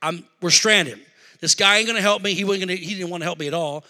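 A man preaching a sermon through a personal story, animated, shouting at the high points and dropping low for asides, in a large hall. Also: fast talker. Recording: echoey hall reverb.

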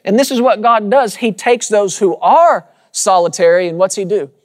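A man's voice: high-pitched, moderate pace. A man preaching a sermon to a congregation, using rhythmic repetition and calling out to the listeners. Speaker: pastor. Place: church sanctuary with congregation.

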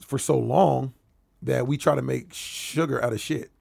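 A man's voice: mid-range voice, fairly even intonation, unhurried, vocal fry, a little mellow, slightly rough. A man in a casual chat, explaining his view earnestly and with emphasis.

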